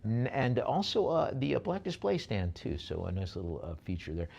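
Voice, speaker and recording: A man runs a live auction, calling out bids at a brisk clip and coaxing bidders to go higher. His voice sits at an ordinary middle pitch, and he drops in light jokes between the numbers. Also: big pitch swings, vocal fry, darkish tone, muffled recording. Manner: brisk bid calling with jokey asides.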